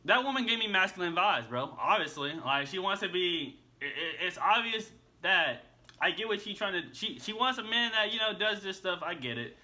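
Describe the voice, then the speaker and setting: High, bright-voiced man reacting bluntly. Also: expressive, normal speed. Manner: blunt, repeats himself, slangy with "bro". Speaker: reaction video host. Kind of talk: casual reaction commentary.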